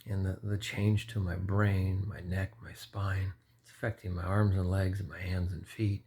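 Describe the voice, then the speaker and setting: A man's voice: low voice, little pitch movement, moderate pace, darkish tone, slightly rough. A man in his forties giving an informal, earnest personal testimony, rambling and often correcting himself mid-sentence. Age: 40s. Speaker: lay preacher.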